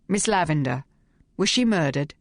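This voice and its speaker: A woman voicing a blunt, gruff middle-aged woman writer who talks in clipped, barking sentences. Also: low-pitched, expressive, normal speed, dry recording, clean studio sound, heavily acted. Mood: brusque.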